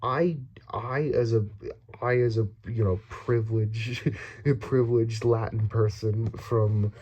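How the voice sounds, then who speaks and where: A man's voice: fairly low pitch, fairly even intonation, takes it slowly, darkish tone. A young man from the Dominican Republic ranting casually about politics, rambling with many restarts, swearing and nervous laughs. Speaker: vlogger.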